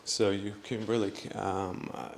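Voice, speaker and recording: A man's voice: fairly low pitch, little pitch movement, unhurried, creaky, slight background noise. A man hosting a solo podcast, rambling through his thoughts with many fillers and chuckling at his own jokes. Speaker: podcast host.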